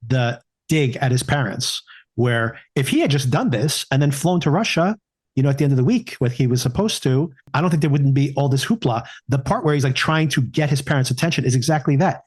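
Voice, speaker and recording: A man co-hosting a film podcast, often stumbling and restarting his sentences as he works out his point. He breaks into quoted mock dialogue for the characters, and his voice sits at an ordinary middle pitch. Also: fairly quick, darkish tone, husky. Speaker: podcast co-host. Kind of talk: casual film discussion.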